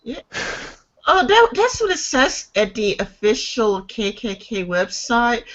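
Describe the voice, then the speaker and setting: A woman's voice: fairly high pitch, very animated. Chatty woman with a muffled voice. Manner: halting, many fillers and restarts. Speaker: podcast co-host. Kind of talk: casual chat, reading news aloud.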